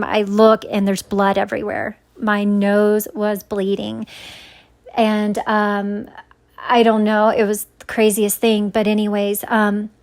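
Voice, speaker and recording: A woman telling a personal story in a casual, rambling way, full of fillers and restarts, earnest and searching for words. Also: medium pitch. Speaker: vlogger sharing a dream.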